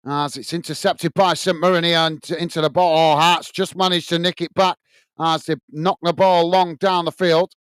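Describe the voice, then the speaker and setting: On the high side and a bit bright, his smooth voice comes through a dry recording. He's a British man hosting a live football watch-along, reacting to the play, reading the chat, and chatting to viewers he often calls mate, with lots of fillers throughout.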